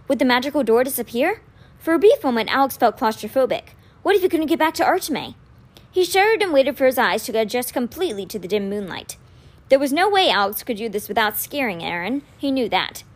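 A woman reading chapters of a children's novel aloud in an expressive, animated storytelling manner. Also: on the high side.

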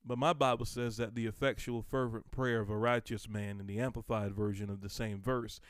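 Guy preaching a podcast sermon, fired up, repeats stuff, gets loud, dry close mic. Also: mid-range voice, steady tone, moderate pace, few pauses, clear, resonant tone, no echo. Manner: fervent, swells to emphatic outbursts, repeats himself.

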